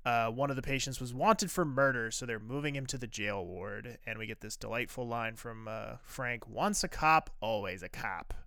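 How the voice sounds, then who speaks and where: A man's voice: mid-range voice, moderate pace, creaky, hardly any pauses, a bit bright, clear, resonant tone, no room sound, clean studio sound. A man co-hosting a podcast, recapping a TV episode in casual chat, rambling with frequent "uh" fillers and restarts.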